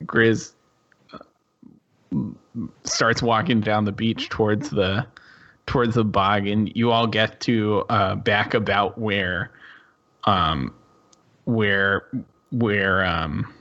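A man running a tabletop game, narrating slowly with lots of restarts and laughs. His voice sits low, and the recording sounds a bit muffled and lo-fi. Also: steady tone, bright, forceful tone. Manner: halting, laughing often. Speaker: game master.

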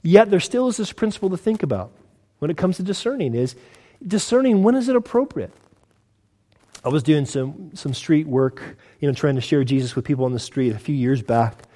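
An American man preaches a sermon in a somewhat high voice, talking to the congregation in a casual, conversational way. He poses rhetorical questions and often repeats words as he goes. A long church-hall reverb trails after every phrase. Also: animated, brisk, mellow. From United States. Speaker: pastor.

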